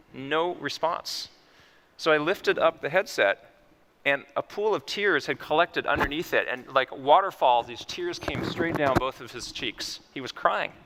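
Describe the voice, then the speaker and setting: A man, a physician, giving a conference talk and telling patient stories in an animated way. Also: on the high side. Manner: animated, vivid storytelling. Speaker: physician speaker. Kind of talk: conference keynote storytelling.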